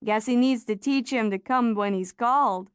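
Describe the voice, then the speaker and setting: A woman voicing a relaxed, good-humored young boy in an audiobook. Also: a little high, moderate pace, clear, resonant tone, dry recording, clean studio sound, natural voice. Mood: easygoing. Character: easygoing young boy, good-natured friend. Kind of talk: audiobook character voice.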